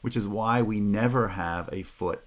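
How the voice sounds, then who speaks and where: A man with a very low voice lectures step by step through his slides. He speaks patiently and methodically, repeats key terms and now and then asks "Right?" to check that students are following. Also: moderate pace. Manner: occasional filler "uh" and checking "Right?". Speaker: linguistics lecturer. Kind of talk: recorded lecture explaining slides.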